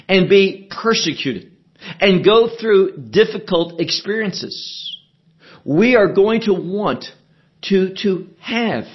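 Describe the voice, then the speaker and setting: Slow, high-voiced male Bible teacher. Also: lo-fi sound. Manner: deliberate and emphatic, asks rhetorical questions. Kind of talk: verse-by-verse sermon teaching.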